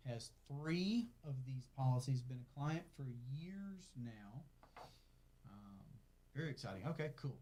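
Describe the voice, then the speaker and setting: Casual southern guy from north carolina, financial coach doing a live q&a, talks easy and keeps saying okay, mid pitch. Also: a little mellow. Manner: chatty, reads viewer comments aloud, tags lines with "okay?". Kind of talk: casual livestream Q&A. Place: office. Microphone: clip-on mic added partway.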